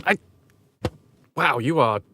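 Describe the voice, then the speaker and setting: A man's voice: mid-range voice, animated, takes it slowly, sharp tone, breathy edge, no room sound, studio quality. A British man chatting casually on a game livestream from home, joking and swearing freely. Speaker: game streamer.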